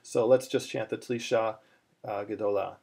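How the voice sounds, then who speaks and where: A man talks through a chanting lesson at an unhurried pace, patient and plain. He stops often to restart his sentences, then slips into short sung phrases. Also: mid-range voice, darkish tone. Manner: patient, plain explaining with many fillers and restarts, breaking into chant. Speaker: cantillation teacher.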